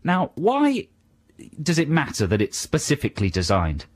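A man in his thirties co-hosting a radio show, chatting casually with a lively, swooping delivery. He sounds playful and slips into silly mimicry. The studio sound is dry and close. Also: a little high, normal speed, slightly rough, no echo. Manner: playful, puts on silly voices mid-story. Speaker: radio co-host. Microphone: studio microphone.

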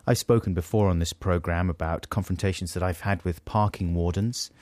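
A man's voice: low voice, steady tone, a little fast, a little mellow, no room sound. A man hosting a radio show, telling an exasperated, self-deprecating anecdote in a casual way. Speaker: radio host.

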